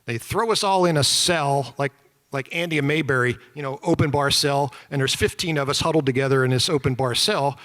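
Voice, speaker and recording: A middle-aged man telling his story to an audience, animated and self-deprecating, acting out shouted quotes. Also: medium pitch, fairly quick. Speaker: former POW giving a talk. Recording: reverberant hall.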